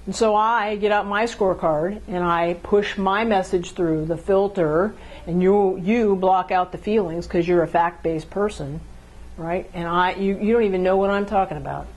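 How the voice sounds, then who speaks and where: A woman gives a talk on how couples communicate. She keeps it casual and conversational, and she acts out quick exchanges between partners to show each point. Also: medium pitch, fairly even intonation, a little mellow, dull audio. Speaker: relationship speaker.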